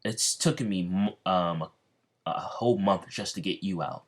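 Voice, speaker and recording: A man's voice: low voice, normal speed. A man voicing a desperate male elf who bluntly demands help. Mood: demanding.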